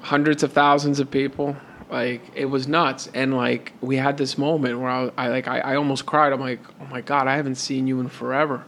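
A man co-hosting a podcast, telling a story in a casual, animated way and acting out both sides of the conversation. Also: medium pitch, brisk, hardly any pauses, a little hiss or hum. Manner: animated retelling with repeated "and I'm like". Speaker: podcast co-host.

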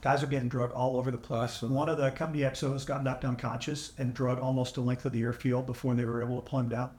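A man guest on a podcast, telling his memories as a veteran at a measured pace with dry humor. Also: mid-range voice, flat delivery, darkish tone. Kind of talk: conversational storytelling. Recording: echoey, AI-restored audio.

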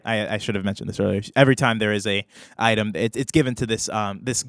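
A man running a tabletop role-playing game as game master, narrating in a hesitant way with many pauses and restarts. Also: fairly low pitch.

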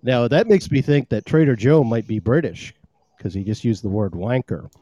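A man's voice: medium pitch, lively intonation, normal speed, mellow, muffled recording, slight background noise. A man from Maine co-hosting a casual podcast, teasing his co-host in a wry way. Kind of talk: casual chat.

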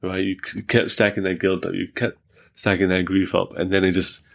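A man's voice: low voice, flat delivery, moderate pace, creaky, fairly bright tone. A man hosting a podcast, talking casually and reflectively, with lots of fillers and worked examples. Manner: reflective, many fillers, talks through examples. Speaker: podcast host. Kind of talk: casual conversation.

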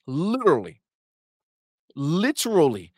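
A young adult man co-hosting a gaming livestream, animated and profane, trash-talking rival fans and reading viewer chat aloud. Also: on the high side, takes it slowly, slightly rough, dry recording, studio quality. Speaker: co-host of a gaming talk stream. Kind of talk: casual livestream banter.

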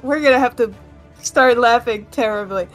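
Teasing high-voiced woman player. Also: normal speed, soft background music, rough recording. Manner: laughing, teasing reactions.

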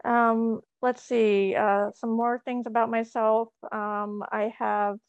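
A woman's voice: fairly high pitch, flat delivery, slow pace, smooth, dry recording, highs cut off. A woman in her thirties chatting as a podcast guest, upbeat and full of ums. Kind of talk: casual podcast chat.

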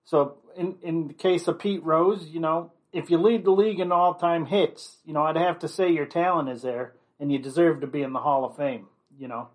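A man's voice: on the high side, fairly even intonation, normal speed, hardly any pauses. A man giving an opinionated commentary monologue, blunt and rambling, leaning on constant "you know" fillers.

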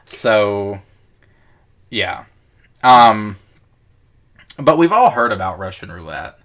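A man chats casually as a podcast co-host, his voice sitting a little low. He stumbles through restarts and fillers and swears freely as he talks. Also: sing-song, slow, a bit bright. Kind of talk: casual chat.

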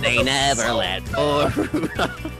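A man voicing a small mischievous alien creature as he sings, with an odd strained voice that slides into a giggly villain croak. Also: mid-range voice, wildly swooping pitch, slow pace, over loud music, heavily acted. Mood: goofy singing. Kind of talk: karaoke impression game.

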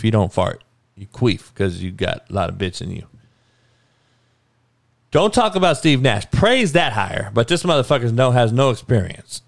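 A man's voice: mid-range voice, no echo, studio quality. A man giving a heated, profane and mocking sports rant as a podcast commentator.

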